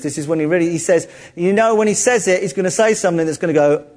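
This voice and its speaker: A man preaching a sermon in a lively, conversational way, joking with his listeners. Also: on the high side, quick pace. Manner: lively, jokey, conversational, acts out quotes.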